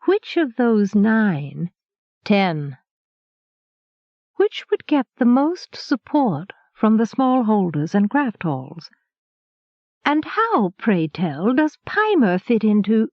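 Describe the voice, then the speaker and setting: A woman narrator voicing a sharp-tongued, skeptical middle-aged woman who asks pointed questions, on a dull lo-fi audiobook recording. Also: mid-range voice, very animated, slow pace, dry recording. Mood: probing.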